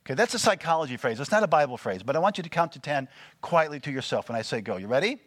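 A man preaching a sermon, animated and full of call-and-response questions to the congregation. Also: on the high side, racing, no echo. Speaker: pastor.

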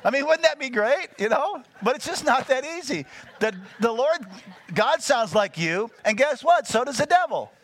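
A man preaching a sermon, animated and full of call-and-response questions to the congregation. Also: extremely high pitch, normal speed. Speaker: pastor.

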